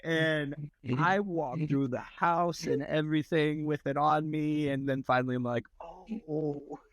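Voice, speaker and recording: A man's voice: a little high, steady tone, unhurried, dry recording. A man in his thirties, a podcast guest, telling a rambling anecdote in casual chat with lots of filler words. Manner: rambling anecdotal storytelling with many "like"s.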